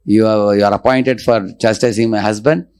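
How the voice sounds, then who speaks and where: A man voicing an indignant goddess who scolds and curses, raising his pitch for her. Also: steady tone, normal speed, a little mellow, clear, resonant tone, natural voice. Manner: scolding, cursing. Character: indignant goddess, proud and stern woman.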